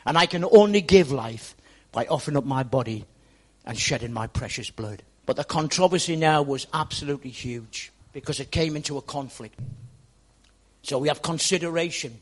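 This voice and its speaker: A male pastor whose voice sits on the high side delivers a sermon to his church congregation at a moderate pace. He talks directly to them and uses repetition for emphasis.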